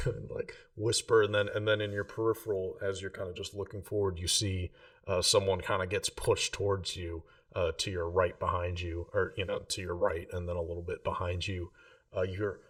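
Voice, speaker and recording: A man narrating as game master in a relaxed, rambling way with many fillers. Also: low-pitched, brisk, far from the mic.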